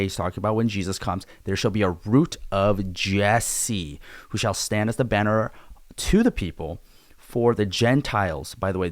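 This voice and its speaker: A man's voice: fairly low pitch, no echo, studio quality. A man teaching a casual Bible study video in a laid-back, chatty way. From Korea.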